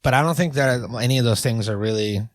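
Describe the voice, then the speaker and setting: A man's voice: medium pitch, quick pace, dry recording. A man co-hosting a podcast in casual chat, rambling and joking with lots of fillers. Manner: rambling, jokey, full of fillers. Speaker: podcast co-host.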